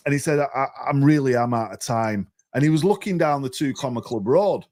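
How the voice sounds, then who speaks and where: A man, a podcast guest telling a story in a chatty, animated way, often repeating words as he restarts. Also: medium pitch, a little fast.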